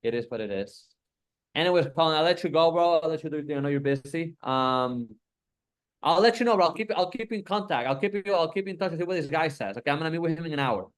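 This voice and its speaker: A man's voice: fairly high pitch, animated, quick pace. A man in casual chat, talking loosely and profanely, peppering everything with "bro" and "like". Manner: profane, rambling, lots of "bro" and "like".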